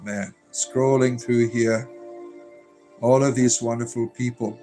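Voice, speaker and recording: A man's voice: mid-range voice, a little mellow. Irreverent man rambling on a livestream. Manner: irreverent, profane, rambling with many fillers. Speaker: livestream host reading chat. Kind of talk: casual livestream chat. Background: faint music.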